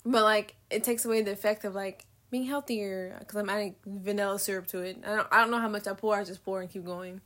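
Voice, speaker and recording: Bright-voiced young woman rambling candidly. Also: mid-range voice, steady tone, fast, hardly any pauses. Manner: rambling, candid, frequent swearing and laughter. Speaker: vlogger. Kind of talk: casual confessional monologue.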